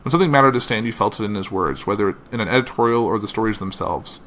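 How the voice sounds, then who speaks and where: With slight background noise, a man with a lowish, somewhat bright voice hosts a podcast. He reads out a tribute and quoted messages at a slow pace, with "uh" fillers and occasional slips.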